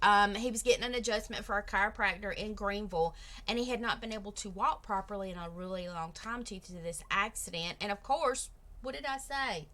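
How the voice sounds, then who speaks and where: Bright-voiced Southern woman, chatty. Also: mid-range voice, a little fast. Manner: chatty, rambling, frank. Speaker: reaction host, mother. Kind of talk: casual reaction chat.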